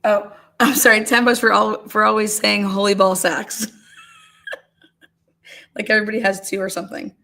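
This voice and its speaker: A woman's voice: medium pitch, flat delivery, normal speed, gravelly, long pauses, sharp tone. A woman hosting a casual livestream, calling bingo games and reading viewer comments aloud with frequent laughter. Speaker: livestream host.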